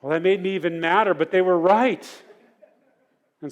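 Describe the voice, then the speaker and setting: A man's voice: a little high, steady tone, fairly quick. A middle-aged man teaching a parenting sermon at church in an earnest, conversational way.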